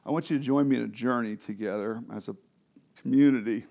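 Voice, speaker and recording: A man preaching a sermon as pastor, moving between soft, confiding asides and loud, fervent preaching, often asking the congregation questions. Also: mid-range voice, fast talker, creaky. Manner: swings from quiet, intimate asides to loud, impassioned preaching.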